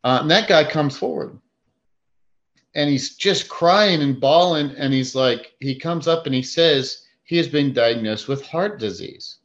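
A man's voice: a little high, unhurried, fairly bright tone, highs cut off. A man who preaches, telling a story in a casual faith chat, acting out his own thoughts with many fillers.

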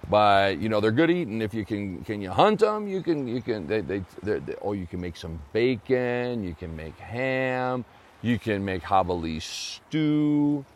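Hearty, fatherly lumberjack, as a narrator puts him on in a storybook tale, loud and folksy. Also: fairly low pitch, big pitch swings, measured pace.

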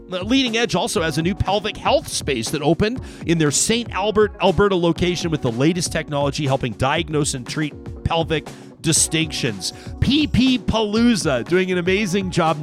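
A man hosting a talk radio show, reading live ads and joking with his co-host in an upbeat pitchman style. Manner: upbeat, jokey pitchman delivery.

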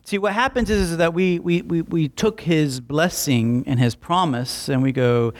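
A man with a slightly high voice preaches an animated Bible-teaching sermon, acting out quick voices for emphasis.

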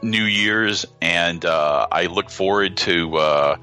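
A man as a podcast guest, talking casually in a halting way with many pauses and restarts. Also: low voice, sharp tone, soft background music. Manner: halting, lots of fillers and restarts.

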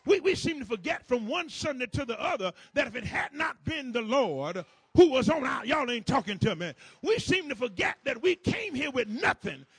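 High-voiced husky man preaching a sermon. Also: very animated, normal speed, few pauses, no echo. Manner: repetitive call-and-response preaching, building to shouts. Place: church service with congregation.

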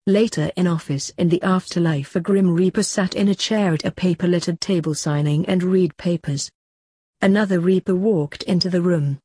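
A woman reads a short story aloud with a lowish, husky voice. The sound is close and dry, and she keeps an even storytelling pace. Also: normal speed, no echo. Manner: plain, even reading of narration and dialogue tags.

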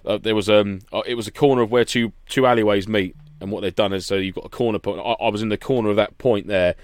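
Bloke co-hosting, low voice, dry close sound, rambling war stories. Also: male voice, fairly even intonation, fast talker, smooth, dry recording. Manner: banter-heavy storytelling with swearing and laughs. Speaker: podcast co-host. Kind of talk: casual chat.

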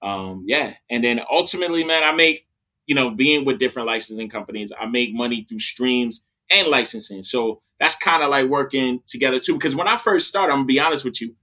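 Man, bright ringing voice, animated casual podcast talk, rapper, tags "you know what I'm saying". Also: medium pitch, a little fast. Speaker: rapper and music licensing artist.

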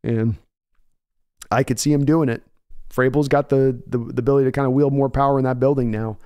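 Male stream host, mid-range voice, smooth and clear, chatty with viewers. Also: mid-range voice, fairly even intonation, fairly quick, warm tone. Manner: chatty, answers viewers by name. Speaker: sports podcast host reading chat. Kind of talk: casual live-stream chat.

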